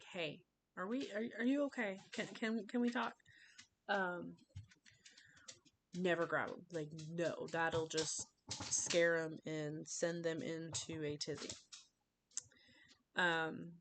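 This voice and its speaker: A woman's voice: lowish voice, fairly bright tone, slight background noise. Casual woman speaking with many fillers. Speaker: student giving a class speech. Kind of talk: informal informative speech. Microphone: webcam.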